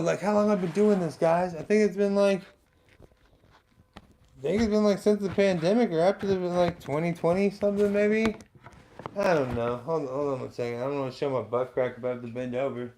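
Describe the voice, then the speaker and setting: Brief: man hosting a scrappy live stream of stand-up, high voice, loose and self-deprecating, swears casually. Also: slight background noise. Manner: rambling, self-deprecating, profane. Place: indoors in front of a green screen. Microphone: webcam live stream setup.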